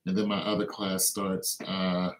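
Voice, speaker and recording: A man's voice: monotone, unhurried, a little hiss or hum. A man hosting a casual livestream, rambling and joking in a mocking tone. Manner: joking, mocking, breaks into laughs and silly high voices. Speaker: livestream host. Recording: echoey room.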